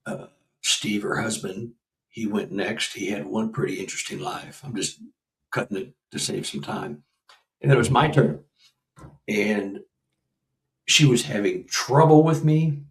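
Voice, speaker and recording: A man in his sixties with a gravelly, fry-edged voice spins a story in casual conversation, animated and laughing as he acts out quotes. He sits back from the mic, and the sound is roomy. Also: lowish voice, a little slow, long pauses, recorded from a distance. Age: 60s. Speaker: guest researcher and author.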